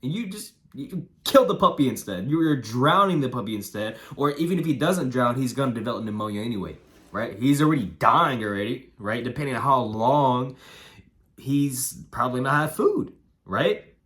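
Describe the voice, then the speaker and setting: A young man with a hoarse, nasal voice giving casual advice on raising puppies, repeating himself and tagging lines with "right?" and "man". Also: mid-range voice, animated, moderate pace, a bit bright. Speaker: dog breeder giving advice. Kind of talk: casual instructional vlog.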